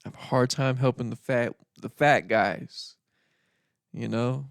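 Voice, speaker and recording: A man's voice: mid-range voice, a little slow, gravelly, no echo, studio quality. A man hosting a podcast, telling stories in a laid-back, rambling way, laughing often. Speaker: podcast host. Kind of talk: casual storytelling monologue.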